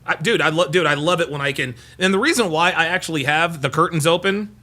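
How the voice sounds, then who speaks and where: A man's voice: a little high, fast, bright, forceful tone. A man hosting a live podcast, reacting casually and reading viewer comments aloud. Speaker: podcast host.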